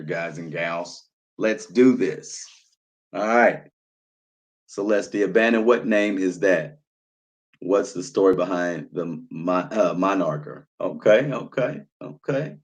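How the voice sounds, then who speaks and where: A man's voice: low-pitched, slow. A man in his thirties hosting a live stream, chatting loosely over wine and reading out viewer comments, often repeating himself and trailing off with fillers. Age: 30s. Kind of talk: casual chat while drinking wine.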